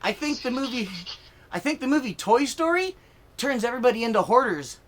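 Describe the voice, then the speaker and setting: A man's voice: very high voice, lively intonation, brisk, fairly bright tone. A man doing a profane comedy rant to camera, fired up and rambling with lots of fillers and swearing. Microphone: filming himself on camera.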